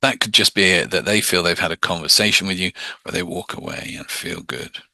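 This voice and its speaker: A man's voice: deep voice, a little fast, pushed and bright, no room sound. A man teaching hypnosis in a casual, plain-spoken lecture, often slipping into mock voices to show a point.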